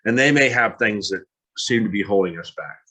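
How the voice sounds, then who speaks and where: A man's voice: on the low side, lively intonation, a little fast, bright, forceful tone, rough recording. A man in his fifties giving an earnest, candid motivational talk with a self-deprecating touch. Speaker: motivational speaker.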